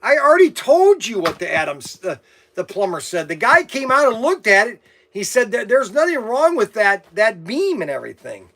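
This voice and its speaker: A man with a notably high speaking voice talks straight to camera in a loose, meandering monologue. He drifts from one complaint to the next and grumbles as he goes, the way a hobby channel host chats with his regulars. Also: very animated, moderate pace, a bit bright, slight background noise. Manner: meandering storyteller, grumbling asides. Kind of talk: casual rambling monologue to camera.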